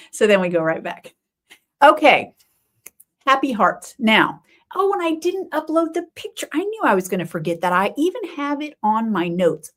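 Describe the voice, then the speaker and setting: A middle-aged woman hosting a knitting podcast, chatting casually and thinking aloud with quick exclamations. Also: medium pitch. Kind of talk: casual livestream chat.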